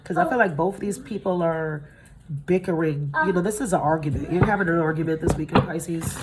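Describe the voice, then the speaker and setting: A woman in her thirties giving a casual tarot reading, tired from little sleep, blunt and profane, her voice jumping up in pitch when she gets excited. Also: a little fast, a crowd in the background. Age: 30s. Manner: blunt and profane, swears freely. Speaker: tarot reader.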